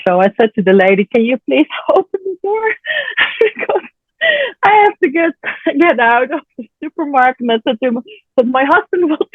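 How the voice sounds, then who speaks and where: A mother in a casual interview, chatty and animated, who laughs often and sometimes searches for words. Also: fairly high pitch, no echo. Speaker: program participant sharing her story. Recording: tinny phone-line audio, dry.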